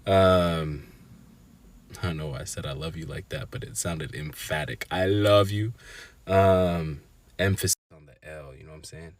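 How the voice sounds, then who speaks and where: Deep-voiced man hosting a reflective podcast. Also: fairly even intonation, moderate pace, no room sound. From Zimbabwean family. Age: 20s. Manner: hesitant, many ums and restarts, candid. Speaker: podcast host. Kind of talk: reflective solo podcast talk.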